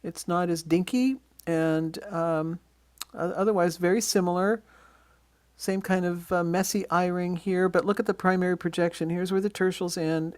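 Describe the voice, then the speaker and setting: A relaxed birding instructor from Western Washington walks through a slide show on bird identification, his voice middling in pitch and a little mellow. He talks casually, often pausing on ums and uhs as he points out features in each photo. The sound is close and dry, without room echo.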